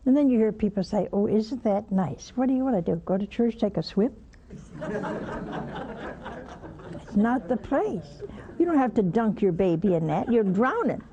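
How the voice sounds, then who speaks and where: A woman's voice: medium pitch, expressive, brisk, mellow, lo-fi sound. An older woman hosting a religious call-in show, preaching emphatically, scolding and mocking. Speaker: religious TV host taking calls.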